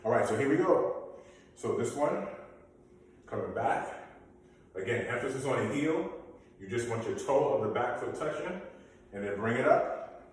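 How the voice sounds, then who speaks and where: A man's voice: medium pitch, lively intonation, normal speed, long pauses. A man leading a basic workout class, giving coaching cues and counting down the reps. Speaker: fitness instructor. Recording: very echoey room, mic far off.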